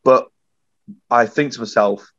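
A man's voice: medium pitch, measured pace, no room sound. A young man telling a casual army story on a podcast, swearing freely and acting out what others said. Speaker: podcast guest. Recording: dull lo-fi sound.

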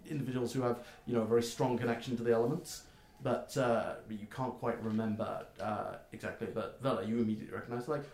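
A man narrating as game master of a tabletop game, talking haltingly with many fillers. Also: medium pitch, steady tone, a little mellow. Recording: roomy echo.

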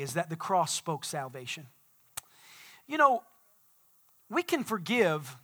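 A man preaching a sermon as pastor, swinging from quiet explanation to shouted declarations. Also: high voice. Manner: dynamic preaching, swelling to shouts.

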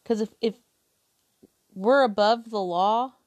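A woman's voice: on the high side, takes it slowly, no room sound. A woman reading a Bible passage aloud and then talking it through casually and earnestly, with some restarts. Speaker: podcast host.

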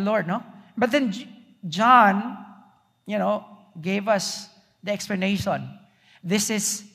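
A male pastor delivers a sermon in a notably high voice. He keeps asking the congregation rhetorical questions. His words ring out with a long trailing reverb in a church hall. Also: a bit bright.

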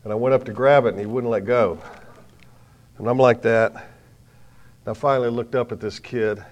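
Delivering a sermon before a live crowd, this middle-aged preacher tells stories, jokes at his own expense, and moves from hushed asides to loud outbursts. He speaks in a mid-range voice with a steady tone and a moderate pace.

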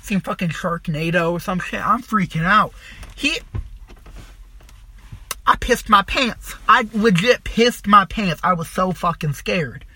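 A young man casually telling a long, profane, rambling story about his past, animated as he retells it. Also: high-pitched, measured pace, slightly rough.

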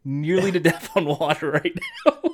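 High-voiced male co-host. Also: moderate pace. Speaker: podcast co-host. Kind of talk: casual chat.

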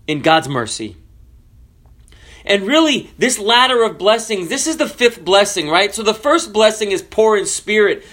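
A man preaching a sermon, swinging between loud cries and hushed drops and asking the listeners questions. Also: sits high.

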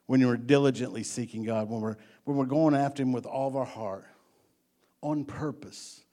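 A man's voice: medium pitch, dark tone. A pastor preaching a midweek sermon in an earnest, repetitive way, often restarting words as he builds each point.

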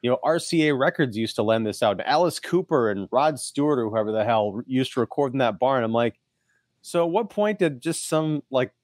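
A man's voice: mid-range voice, animated, a little fast, no room sound, clean studio sound. A man co-hosting a casual movie podcast, talking in a wry, sarcastic way with casual swearing. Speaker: podcast co-host.

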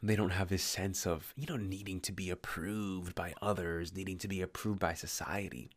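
A man's voice: low voice, level tone, moderate pace. A tired man rambling through a late-night philosophical monologue, musing and correcting himself, his words slightly slurred.

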